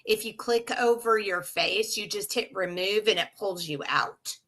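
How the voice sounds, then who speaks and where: Bright-voiced woman co-hosting a call. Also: mid-range voice, a little slow. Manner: chatty, relays questions from viewers. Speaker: co-host. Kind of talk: casual chat over a video call. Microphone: video call.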